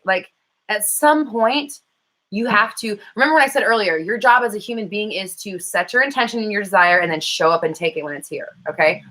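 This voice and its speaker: A bright-voiced woman talks fast in a loose livestream chat, running as a coach and host. Her talk is chatty and full of "um"s, with the odd swear word thrown in. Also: medium pitch, poor audio. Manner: fast-talking, self-described; chatty, frequent fillers and swearing. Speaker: law of attraction coach and host. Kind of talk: casual livestream chat with viewers.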